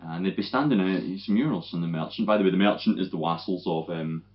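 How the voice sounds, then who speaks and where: Young Scottish podcast co-host, deep voice, lively sweary storyteller, dull recording. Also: male voice, quick pace. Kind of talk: casual chat. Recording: dull lo-fi audio.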